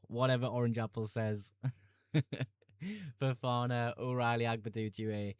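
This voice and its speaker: A man's voice: medium pitch, takes it slowly, pauses often, clean tone, no echo, studio quality. A young man streaming live, chatting casually, laughing easily, and answering viewer comments about fantasy football picks.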